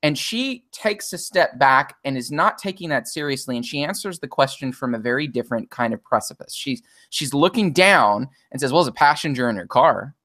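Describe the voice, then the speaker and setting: A man's voice: mid-range voice, expressive, normal speed, hardly any pauses, pushed and bright, no room sound, clean studio sound. A man co-hosting a podcast in casual chat, analytical and thinking aloud with frequent restarts. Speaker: podcast co-host.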